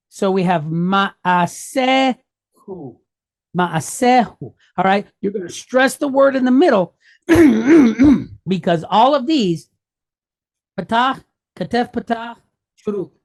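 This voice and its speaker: A woman teaching a Hebrew reading lesson, patiently explaining each mark and checking in with "okay?" and "right?". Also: medium pitch. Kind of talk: walking through a worksheet lesson.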